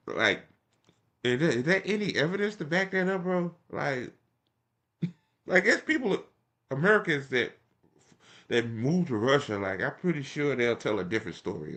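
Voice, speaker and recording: A young man riffs on a speech he's watching, swearing, scoffing and laughing as he talks. His pitch swings a lot, and his voice has a bright, forceful edge. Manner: mocking, profane, laughing. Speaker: political commentary host reacting to a speech. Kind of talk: casual reaction commentary.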